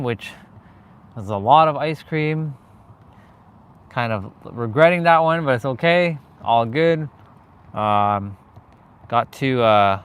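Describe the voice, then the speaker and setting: A young man from Canada chats on a live stream while heading through a parking lot to his car, his talk loose and full of fillers and restarts. He has a mid-range, slightly bright voice, and the sound is clean.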